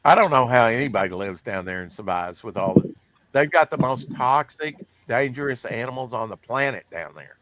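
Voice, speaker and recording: A man's voice: medium pitch, animated, normal speed, fairly bright tone. A man hosting a comics podcast, reading news in a rambling, casual way, with lots of fillers. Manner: rambling, filler-heavy, self-deprecating. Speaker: podcast host.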